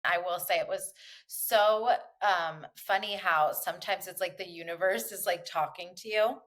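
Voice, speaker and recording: A woman's voice: fairly low pitch, moderate pace, a bit bright. A woman hosting a casual podcast, telling a story in a chatty way and acting out the dialogue. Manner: chatty storyteller, many likes and quoted dialogue. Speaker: podcast host. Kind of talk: casual chat.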